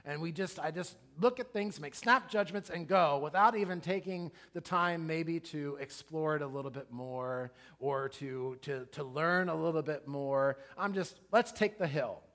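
A man's voice: a little high, moderate pace, few pauses. Storytelling man preaching a sermon. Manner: storytelling, animated, conversational asides to the congregation. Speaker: pastor.

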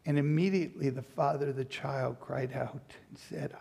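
A man's voice: medium pitch, steady tone, normal speed, creaky, few pauses, a little mellow, husky. A man preaching a sermon, reading scripture and then retelling the story with playful acted-out asides. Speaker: pastor.

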